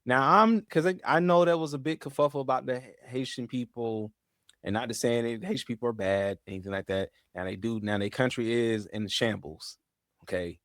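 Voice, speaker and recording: A man hosting a commentary show, talking in a slangy, animated way, swinging between low mutters and loud outbursts and repeating himself. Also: a little fast, no echo, studio quality. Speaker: host. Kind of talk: casual commentary.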